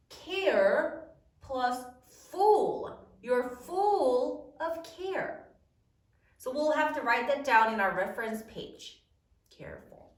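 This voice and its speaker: Woman teacher, spelling lesson; lively high delivery, slow careful sounding-out, a bit far from the mic. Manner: slow, drawn-out dictation, sounding out words. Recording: echoey room, mic at a distance.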